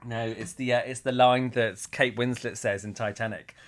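A man co-hosting a casual chat podcast, giggly and quick to laugh as he gushes about a TV show. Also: medium pitch, fairly even intonation. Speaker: podcast co-host.

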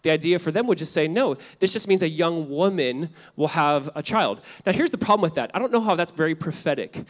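A pastor delivering a sermon in a fairly high male voice. He talks casually, full of fillers and asides, then drives points home loudly before dropping to a hush. The delivery stays animated and conversational throughout. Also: brisk. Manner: animated and conversational, swinging between loud emphasis and hushed lines.

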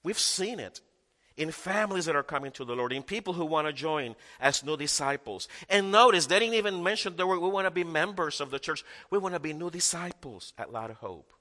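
Bright-voiced preaching pastor in reverberant church. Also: male voice, a little high, animated, brisk. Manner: emphatic preaching with repeated phrases. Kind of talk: sermon.

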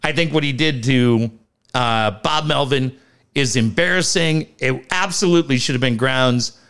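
A man co-hosting a casual sports talk podcast, animated, laughing at his own jokes and rising sharply in pitch when worked up. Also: normal speed, clear, resonant tone. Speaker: podcast co-host.

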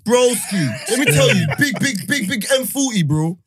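Animated storytelling man. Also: very high-pitched, moderate pace, slight background noise. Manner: animated, laughing, slangy storytelling. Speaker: podcast host. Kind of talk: casual storytelling chat.

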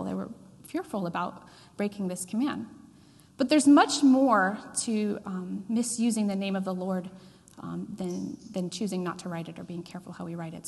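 A woman preaching a sermon in a conversational, animated way, with asides to the congregation. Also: mid-range voice. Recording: long hall reverb.

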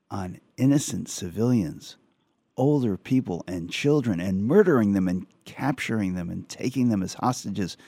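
A male radio talk show host, reading an opinion piece aloud with earnest, measured commentary and some halting restarts. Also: dark tone, no room sound. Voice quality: low gravelly voice. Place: radio studio.

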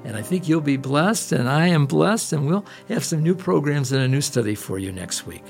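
A man's voice: a little high, lively intonation, moderate pace, gravelly, faint music behind. A middle-aged man preaching as a pastor, telling a personal story and then praying with rising fervor. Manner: earnest storytelling, lifts into fervent prayer. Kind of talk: sermon with prayer.

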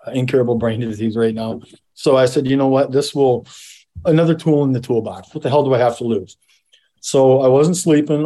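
A man's voice: medium pitch, dark tone. A middle-aged man, a medically retired police officer, telling his story as an interview guest in a rambling, casual way with frequent repeats and salty language.

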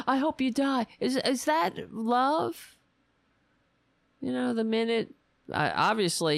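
A woman hosting a political podcast, talking in a sarcastic, mocking way and slipping into shrill impressions of her opponents. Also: no echo. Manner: mocking, switches into shrill mimicking voices.

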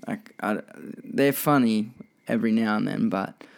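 Gravelly low-voiced guy rambling. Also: a little slow. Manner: rambling, sweary, lots of restarts. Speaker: podcast host. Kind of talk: casual solo podcast chat.

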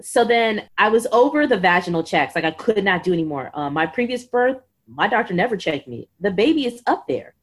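A woman in her thirties, a podcast guest telling her own story in an animated, exasperated way. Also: medium pitch, a little fast, few pauses. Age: 30s. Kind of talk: conversational storytelling.

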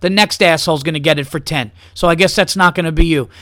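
A man hosts a podcast and rants in a loose, comic way, heated and full of swearing. His voice sits a bit high for a man, and it is recorded close and dry. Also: fast, fairly bright tone, no room sound. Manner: profane, heated, mocking. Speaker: podcast host. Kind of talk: casual comedic rant.

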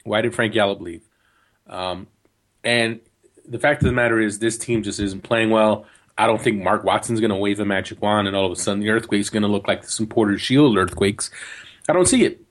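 Low-voiced man chatting about soccer. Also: brisk. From New Jersey. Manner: chatty, joking, lots of restarts. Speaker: podcast co-host. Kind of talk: casual soccer talk.

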